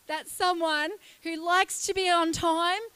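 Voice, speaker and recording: A woman, preaching a lively, chatty sermon in a church and joking with the congregation. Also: extremely high pitch, slow pace, no room sound. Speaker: guest preacher.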